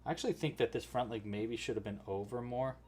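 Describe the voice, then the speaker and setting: A man of middle pitch chats easily while crocheting on a livestream, thinking aloud as he goes. His talk is relaxed and casual, with soft music faint in the background. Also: fast.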